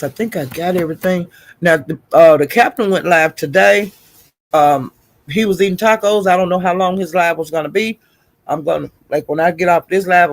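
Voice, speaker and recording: A man's voice: fairly high pitch, no room sound. A man hosting a casual livestream, gossiping and greeting viewers in the chat, calling them honey and child. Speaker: livestream host. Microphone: streaming setup.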